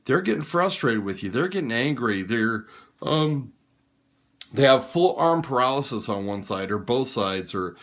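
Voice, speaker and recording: A man's voice: medium pitch, expressive, unhurried, a bit bright. Frank, tired man giving plain advice. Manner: plain-spoken, frank, advising directly. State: tired and yawning. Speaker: hospice care advisor. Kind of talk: informal advice talk.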